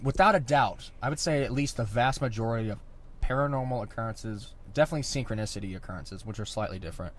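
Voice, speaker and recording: A man talking through ideas in a relaxed podcast conversation. He speaks at a middling pitch, thoughtful and questioning, turning each point over as he goes. His throat sounds a little irritated. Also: fast. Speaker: podcast co-host. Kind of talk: casual podcast chat.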